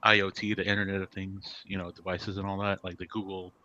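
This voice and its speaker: A man's voice: low-pitched, flat delivery, fast, dull audio. A man co-hosting a casual podcast chat, rambling and restarting his sentences. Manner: rambling, full of fillers and restarts. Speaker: podcast co-host.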